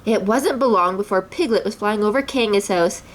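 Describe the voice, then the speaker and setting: A woman's voice: mid-range voice, moderate pace. A woman reading a children's story aloud expressively, a mother voicing the characters.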